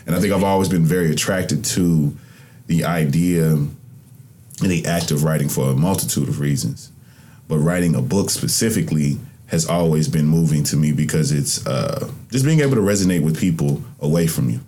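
A man's voice: rumbling low, moderate pace, warm tone, breathy edge. A young man hosting a podcast, talking into a microphone in a reflective, rambling, colloquial way. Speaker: podcast host. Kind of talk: casual interview conversation.

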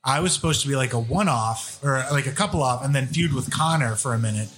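As a guest on the radio, a man who used to wrestle tells stories in casual chat, laughing along and cursing often. He speaks fast at a medium pitch with a fairly bright tone.

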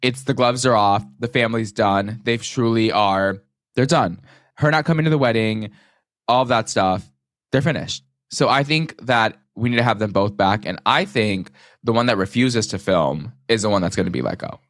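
A man hosting a pop-culture podcast in casual chat, excitable, quick to laugh and swearing freely. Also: lowish voice, dry recording, studio quality. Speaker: podcast host.

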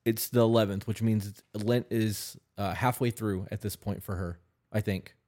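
A man with a low voice co-hosts a casual podcast chat. He talks haltingly, restarting and repeating words, and swears now and then. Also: fairly even intonation, darkish tone. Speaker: podcast co-host.

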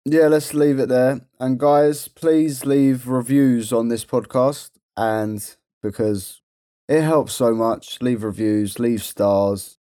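A man's voice: mid-range voice, fairly even intonation, slow, mellow, dry recording, clean studio sound. A man co-hosting a podcast, bantering in a jokey, chatty way. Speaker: podcast co-host. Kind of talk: casual chat.

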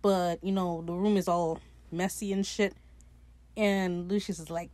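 A woman's voice: mid-range voice, normal speed, a little mellow, no room sound. A young woman casually recapping a TV episode on her podcast, chatty and sarcastic, swearing freely and laughing at her own jokes.

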